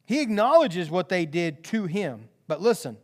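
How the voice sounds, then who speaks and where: A man preaching a sermon as pastor, retelling a story with animated emphasis and conversational asides. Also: high-pitched, moderate pace.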